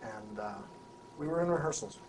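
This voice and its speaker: A man, an actor being interviewed, tells an anecdote in an animated way, restarting and repeating words as he goes. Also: fairly high pitch, moderate pace. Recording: voice a bit far from the mic, faint background hum.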